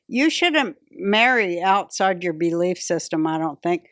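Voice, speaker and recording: A woman's voice: lowish voice, expressive, a little slow, a bit bright, dry recording, studio quality. A woman hosting a podcast in casual chat, blunt and profane with strong opinions. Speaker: podcast host.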